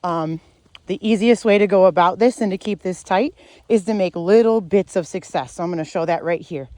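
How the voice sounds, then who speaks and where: Walking a dog outdoors, a woman dog trainer demonstrates her method, explaining each step to viewers and pausing to praise the dog. Her voice is fairly low and mellow, and she speaks a little fast. The recording is dry.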